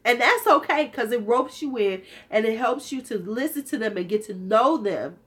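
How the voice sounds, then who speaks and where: A woman's voice: a little high, expressive, normal speed, fairly bright tone. A woman in her fifties, a vlogger chatting casually and sassily with her viewers in a slightly worn-out voice. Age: 50s. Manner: sassy, candid, joking. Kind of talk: casual livestream chat.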